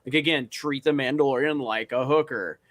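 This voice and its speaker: A man's voice: mid-range voice, brisk, a bit bright. A man on a live-stream panel, chatting casually with a blunt, crude manner.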